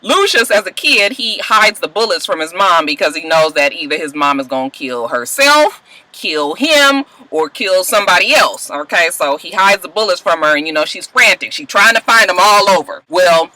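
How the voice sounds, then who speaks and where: A woman's voice: on the low side, normal speed, no room sound, low-quality recording. A woman casually recapping TV episodes, acting out the characters with put-on voices, laughing and swearing as she tells it. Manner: animated storyteller, acts out characters, laughs often, swears. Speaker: vlogger recapping TV shows.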